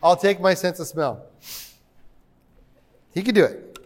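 A man's voice: high voice, unhurried. A man preaching a sermon in a church, conversational and joking with the congregation. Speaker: pastor.

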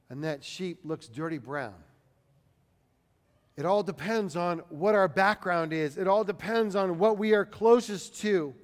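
A man delivers a sermon in a high, light voice, moving from quiet reflection to loud, declaiming scripture readings. He acts out the people he quotes as he goes. His voice carries a long reverb, as if in a large hall. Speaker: preacher.

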